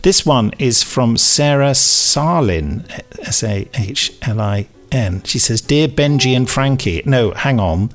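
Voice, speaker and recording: A man's voice: mid-range voice, expressive, slow pace, few pauses. A man co-hosting a podcast in casual chat, reading out listener emails and laughing at his own slips. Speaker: podcast co-host.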